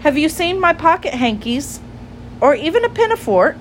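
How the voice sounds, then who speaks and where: A woman's voice: high voice, very animated, moderate pace, slight background noise, pitched above the performer's own voice, rough recording. A woman reading a storybook aloud and voicing a curious, polite young girl with an eager manner.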